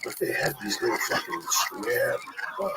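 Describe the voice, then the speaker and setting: A man hosting a podcast, ranting in a combative, heavily profane, animated way. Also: fairly low pitch, normal speed, over loud music. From New Jersey / New York area. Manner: loud, swearing, combative, animated. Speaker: podcast host. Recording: far from mic, loud background noise.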